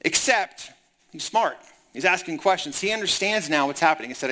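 A man's voice: fairly high pitch, moderate pace, pushed and bright. A man preaching a sermon, reading scripture and retelling it in casual, conversational paraphrase. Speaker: pastor.

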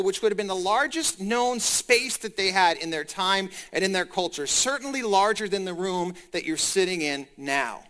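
A man preaching a sermon, animated and speaking straight to the congregation. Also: high voice. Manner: animated, talks to the congregation directly.

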